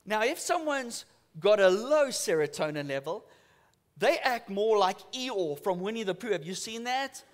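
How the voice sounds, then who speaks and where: A man's voice: sits high, measured pace. A man preaching a sermon in church, telling stories with acted-out voices. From South Africa. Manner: animated storytelling with acted-out voices. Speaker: pastor.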